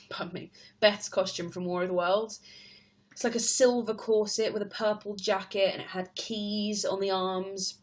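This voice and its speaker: Chatty young Englishwoman on a live stream. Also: medium pitch. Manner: chatty, laughs often, reads questions aloud. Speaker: stage performer live-streaming to fans. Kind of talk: casual live-stream chat answering comments.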